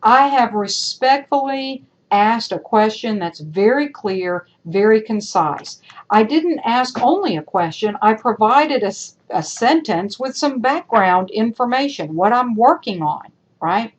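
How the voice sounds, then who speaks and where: A woman's voice: on the high side, animated, measured pace. A woman instructor teaching a screen-recorded tutorial, chatty, asking her students rhetorical questions. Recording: dull lo-fi screencast audio.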